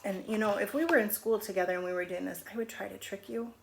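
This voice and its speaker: A middle-aged woman teaching a phonics lesson on video at home, stretching out letter sounds slowly and patiently. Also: medium pitch, steady tone, gravelly, slight background noise. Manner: slow, drawn-out sounding of letters. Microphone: camera on video.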